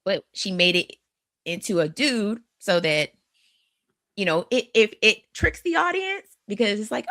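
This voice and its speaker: A woman co-hosting a casual podcast about horror films, talking in an animated way, often restarting her sentences and acting out the quotes she gives. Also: mid-range voice, normal speed, no echo, clean studio sound. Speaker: podcast co-host. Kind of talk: casual horror film discussion.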